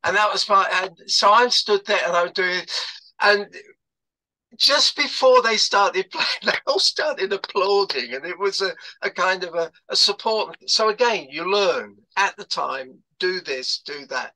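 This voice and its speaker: A bright, fairly high-voiced older man recounts his working life over a video call. He wanders through his stories, restarting sentences and filling gaps with ums and uhs. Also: animated, measured pace, rough recording. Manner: rambling storyteller with many fillers and restarts. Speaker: guest speaker. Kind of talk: anecdotal talk on a video call.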